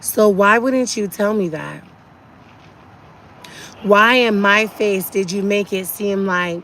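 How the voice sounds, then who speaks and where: A woman's voice: mid-range voice, slow, pauses often, fairly bright tone, slight background noise. A woman talking urgently and indignantly to her viewers on a live stream from a car, often repeating herself. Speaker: livestreamer.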